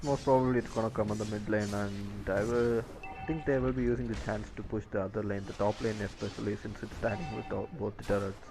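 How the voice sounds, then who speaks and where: Flat, low-voiced male co-caster over loud music. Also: quick pace. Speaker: esports co-caster. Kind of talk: live game analysis.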